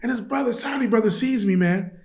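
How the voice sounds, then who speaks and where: A man from Chicago telling stories as a podcast guest, animated and slangy, laughing often. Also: very high voice, quick pace. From Chicago, USA. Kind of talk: casual storytelling. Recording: roomy echo.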